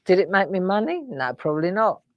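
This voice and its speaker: A woman's voice: fairly low pitch, sing-song, brisk, dry recording, muffled recording. A middle-aged woman, hosting a live craft show and musing in a rambling, reflective way while tearful. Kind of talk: casual live-stream chat.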